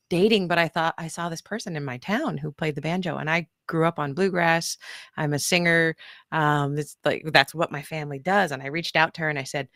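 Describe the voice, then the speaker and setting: A woman's voice: on the low side, fairly bright tone, no echo, studio quality. A woman from California chatting as a guest author, telling stories animatedly and laughing easily. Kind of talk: casual interview chat.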